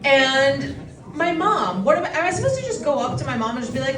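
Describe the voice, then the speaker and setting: A woman stand-up comedian working a room with quick, self-deprecating jokes and crude punchlines. Her fairly high voice echoes around the room and is picked up from some distance away. A loud crowd reacts close behind her. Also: very animated. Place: comedy show in a bistro.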